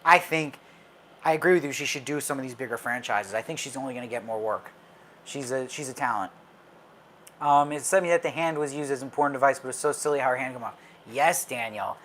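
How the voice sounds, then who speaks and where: A man's voice: mid-range voice, fast talker, a bit bright, a little hiss or hum. A man in a mid-range voice hosts a live fan chat about films. He talks casually and opinionatedly, answering viewers' comments as they come in. His delivery is loose, with plenty of fillers and restarts. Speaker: film commentator host.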